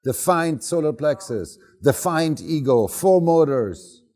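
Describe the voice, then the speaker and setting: A man's voice: fairly high pitch, lively intonation, takes it slowly, a little mellow. A man teaching, telling a personal story in an informal, storytelling way. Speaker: Human Design teacher. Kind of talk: talk to a group.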